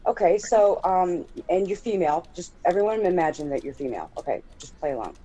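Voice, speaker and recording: Lively woman host telling funny stories. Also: on the low side, a little fast, poor audio. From dad from Texas. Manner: animated storyteller, laughs often. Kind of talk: casual chat on a live stream.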